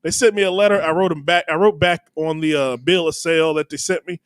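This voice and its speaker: A man's voice: on the high side, steady tone, fast, smooth, no room sound. A man co-hosting a comedy podcast in brash, rambling casual chat. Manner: brash and rambling, with a Southern 'y'all'. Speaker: podcast co-host.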